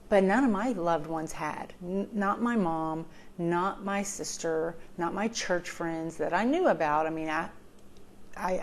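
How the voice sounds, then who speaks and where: A vlogger offering recovery advice speaks with a fairly low, darkish voice. Her talk is heartfelt and personal, earnest and emotional, with many ums and phrases repeated for emphasis.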